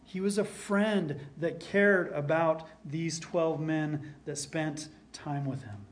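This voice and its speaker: A man preaching a sermon as pastor, earnest, repeating key lines for emphasis and dropping to a soft hush at times. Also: fairly high pitch, slow.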